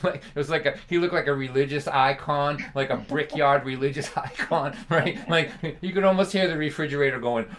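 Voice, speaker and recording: A man telling a personal story on a live stream in an animated, conversational way, often laughing. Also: a little high, fairly quick, hardly any pauses. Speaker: folk singer and storyteller.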